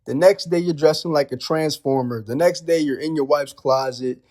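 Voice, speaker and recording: A man's voice: a little high, normal speed, a little mellow. A man giving casual ranting commentary as a wrestling vlogger, firing off incredulous rhetorical questions in loose slang.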